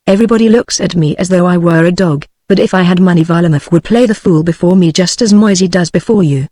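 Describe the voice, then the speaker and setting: A British-accented text-to-speech woman's voice reading the lines of a bitter, sarcastic poor man in a storybook, in the same even manner as the narration. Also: lowish voice, fast, no room sound, clean studio sound, lightly acted. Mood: scornful. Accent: British English. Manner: flat synthetic reading.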